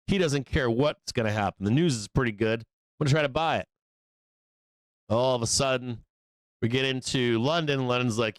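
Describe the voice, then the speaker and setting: Male trading-show host, smooth clear voice, dry close mic, loose and profane, mid pitch. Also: no echo. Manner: profane, casual, acts out traders in quick asides. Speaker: stock market show host. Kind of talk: live trading explanation.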